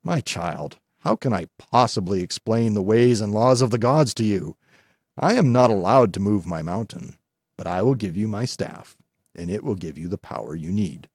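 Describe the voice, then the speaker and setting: A man voicing an ancient half-beast god who speaks slowly, gently and solemnly. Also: lowish voice, expressive, no room sound, studio quality. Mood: gentle.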